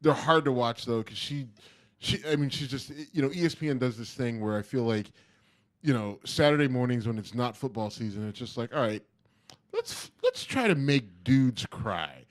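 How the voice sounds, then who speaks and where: A man's voice: medium pitch, brisk. A middle-aged man co-hosting a podcast, chatting loosely and rambling with lots of fillers. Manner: rambling, loose, lots of ums and you-knows. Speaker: podcast co-host. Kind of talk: casual podcast chat.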